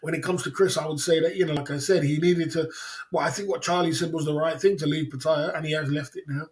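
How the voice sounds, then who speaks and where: Laughing, rambling livestream host. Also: male voice, on the high side, steady tone, fast. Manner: rambling, laughs often, slangy. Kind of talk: casual livestream chat.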